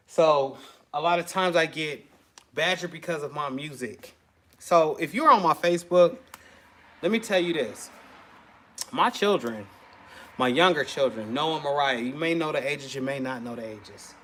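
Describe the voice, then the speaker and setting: A man's voice: on the high side, a bit bright. A man, chatting casually to camera in a rambling, laid-back way. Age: 40s. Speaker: custom shirt maker vlogger.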